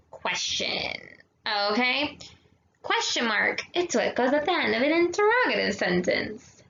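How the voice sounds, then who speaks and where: A woman's voice: sits high, gravelly, pushed and bright, a little hiss or hum. Patient teacher woman in an echoey room. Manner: patient, slow teacher-talk with many "okay?" checks; mixes in Spanish words. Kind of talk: recorded grammar lesson for kids. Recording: echoey dull room sound.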